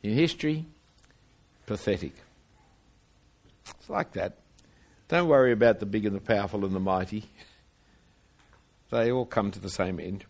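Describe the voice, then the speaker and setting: A man's voice: fairly low pitch, normal speed, gravelly, pauses often, a little mellow. A man preaching a sermon, reading scripture aloud and explaining it earnestly, often repeating words as he restarts phrases.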